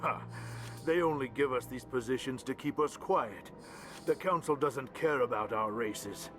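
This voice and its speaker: A man's voice: medium pitch, unhurried, close to an everyday voice. A man voicing a haughty little alien envoy. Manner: curt and condescending. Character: small haughty male alien ambassador, resentful. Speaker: ambassador. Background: game music.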